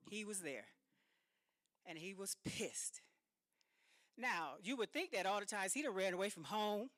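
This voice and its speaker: A woman giving a speech as an author, telling a personal story in a dramatic, animated way with emphatic repetition. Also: medium pitch, dry recording, clean studio sound. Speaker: speaker and author.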